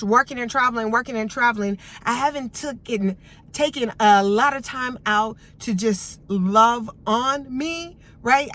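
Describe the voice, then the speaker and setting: Woman, middle-aged, self-help coach, gentle and soothing, very slow delivery, faint background noise. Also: a little high. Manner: gentle, soothing, unhurried guidance. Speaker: behavioral health coach. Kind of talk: self-help vlog talk.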